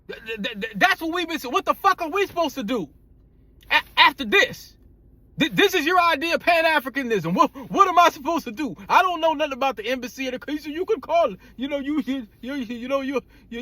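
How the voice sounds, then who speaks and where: Brief: very high-pitched man, dry close sound, blunt profane storyteller. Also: dry recording. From United States. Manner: blunt, profane, animated retelling with acted quotes. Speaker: vlogger. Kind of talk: casual storytelling rant.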